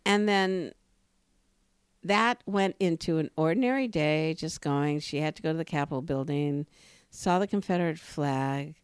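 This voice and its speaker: Woman telling stories on a podcast, kinda low voice, gets emphatic, dry sound. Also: moderate pace, clean tone, dry recording. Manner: animated storyteller, emphatic rises in pitch. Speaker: podcast co-host. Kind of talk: casual podcast conversation.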